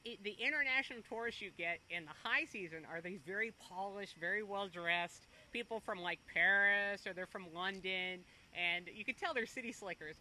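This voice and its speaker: A middle-aged woman who owns a cafe, chatting quickly in an interview and laughing between her stories. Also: medium pitch, sharp tone, slight background noise, low-quality recording. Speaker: restaurant owner. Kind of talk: casual interview.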